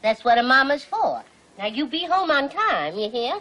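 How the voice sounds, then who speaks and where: A woman's voice: high voice, moderate pace, slight background noise, poor audio. A doting Cajun mother. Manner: fussy, sweet-talking, animated. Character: doting plump Cajun mother, fussy and chatty. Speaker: actress in a film. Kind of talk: 1950s film acting.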